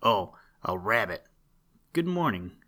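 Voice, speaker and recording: A man voicing a gruff but good-natured male mallard duck with a hoarse voice in a storybook reading. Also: fairly low pitch, sing-song, slow pace, bright, forceful tone, heavily acted.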